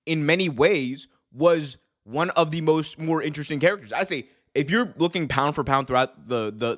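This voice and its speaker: A young adult man hosting a wrestling show, ranting casually to his viewers, repeating points and restarting sentences as he goes. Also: medium pitch. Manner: animated, repeats himself, frequent restarts and fillers. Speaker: wrestling podcast host. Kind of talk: casual opinion rant to live viewers.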